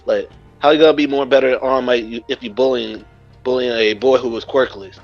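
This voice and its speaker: A man's voice: mid-range voice, fairly even intonation, a little fast, soft background music. A man casually narrating a fan-made story in a loose, chuckling way, on a muffled recording. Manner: loose, chuckling, with many restarts. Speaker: guest storyteller.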